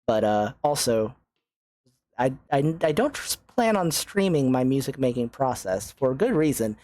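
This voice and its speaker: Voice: mid-range voice, lively intonation, moderate pace, warm tone, no echo. A young adult game streamer in casual let's-play chat, self-mocking, often stammering and swearing. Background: faint game music.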